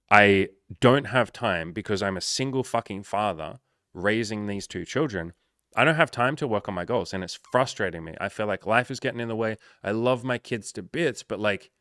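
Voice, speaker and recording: Energetic swearing male coach, dry sound. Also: lowish voice, no echo. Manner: animated, swears often, acts out dialogue with rising energy. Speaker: life coach. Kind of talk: casual coaching monologue.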